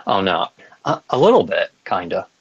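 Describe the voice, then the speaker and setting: Young dude co-hosting a podcast, chatty, keeps restarting sentences, kinda low voice. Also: male voice, big pitch swings, normal speed, highs cut off, a crowd in the background. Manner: stumbling restarts, enthusiastic, chatty. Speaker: podcast co-host. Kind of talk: casual chat.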